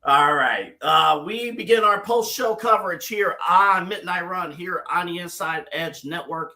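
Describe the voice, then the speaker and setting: Bright-voiced, effusive male podcast host. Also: sits high, measured pace. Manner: effusive praise, heavy with uh and um. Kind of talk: casual podcast chat.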